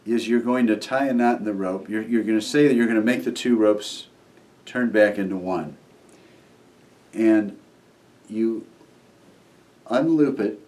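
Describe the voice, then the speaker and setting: Low-voiced man teaching a magic trick. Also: far from the mic. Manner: relaxed, acts out the kids' replies while demonstrating. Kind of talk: casual how-to explanation.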